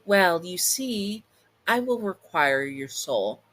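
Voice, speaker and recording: A man's voice: high voice, lively intonation, slow, a bit bright, voice pushed up, heavily acted. A man voicing a smug, teasing female demon who calls the listener pet names. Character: smug flirty female demon, possessive and protective.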